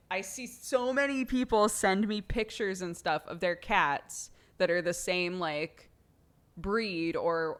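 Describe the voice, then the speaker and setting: A woman's voice: fairly low pitch, a bit bright. A woman streamer chatting casually with her viewers, laughing often and thanking subscribers by name.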